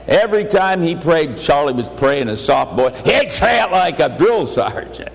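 A man's voice: sits high, very animated, creaky. Older man preaching in a reverberant hall. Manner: emphatic preaching with rising, slowed lines. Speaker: pastor. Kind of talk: sermon.

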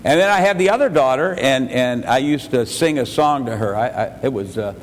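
A man's voice: medium pitch, animated, moderate pace, in a large hall, slight background noise. An older man preaching a sermon as pastor, telling folksy family stories and pushing his voice up for emphasis. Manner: folksy storytelling, chuckles, bursts louder for emphasis.

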